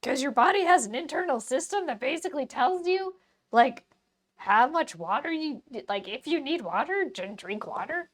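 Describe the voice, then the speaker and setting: A woman's voice: sits high, normal speed. A woman doing a hyper coffee-wired frog. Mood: giddy. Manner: silly, excitable, bouncy. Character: hyper over-caffeinated cartoon frog. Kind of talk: live-stream silly voice.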